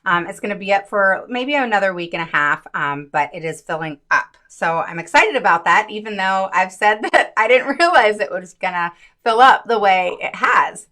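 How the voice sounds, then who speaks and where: A woman hosting a casual live stream as a parent advocate, earnest and chatty, with many fillers and quick hellos to viewers by name. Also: medium pitch, expressive, bright, forceful tone. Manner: chatty, greets viewers by name mid-sentence. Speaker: special education advocate and live-stream host.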